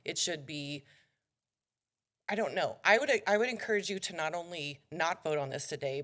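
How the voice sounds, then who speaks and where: A woman's voice: sits low, a bit bright. A woman resident giving public comment in a council chamber, out of breath and urgent, pressing pointed questions. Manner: urgent, questioning, somewhat jumbled.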